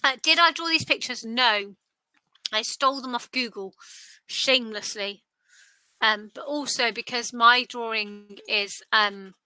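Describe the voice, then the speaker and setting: A woman's voice: fairly high pitch, a little slow, bright, forceful tone, smooth, no echo, rough recording. A tired woman hosting a live quiz, chatty and self-deprecating. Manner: chatty, self-deprecating, sing-song repetition. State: tired, yawning. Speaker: quiz host. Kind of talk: casual quiz livestream chat.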